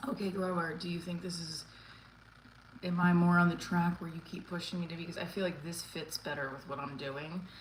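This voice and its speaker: A woman's voice: lowish voice, level tone, fairly quick, background noise. Breathless woman livestreaming a workout. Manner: chatty, reads and thanks chat comments mid-workout. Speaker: livestream host. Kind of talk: casual live-stream chat while exercising. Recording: roomy echo with faint ambience.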